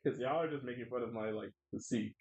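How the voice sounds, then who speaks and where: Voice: medium pitch, fast, darkish tone. An adult streamer chatting casually while drawing, playfully whining and laughing a lot. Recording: dull lo-fi mic.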